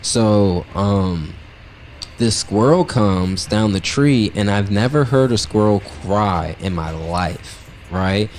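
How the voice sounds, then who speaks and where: A man's voice: on the low side, animated, slow, darkish tone, a little hiss or hum. Blunt, profane storytelling man. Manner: blunt, profane, brutally honest; loose and rambling, heavy with "like" and "right?". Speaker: podcast host. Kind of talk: casual storytelling monologue.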